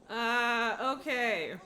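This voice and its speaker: A woman streaming a game from her home room, chatting loosely and breaking into laughs. She has a fairly high voice and slips into cooing baby talk with her cat. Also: bright, forceful tone, slight background noise. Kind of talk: casual live-stream chat while gaming. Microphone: headphones on, desk setup.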